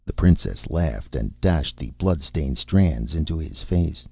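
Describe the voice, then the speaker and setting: Man narrator, very low husky voice, expressive pulp-adventure reading. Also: unhurried, few pauses, dry recording. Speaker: audiobook narrator. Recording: dull, dry audiobook recording.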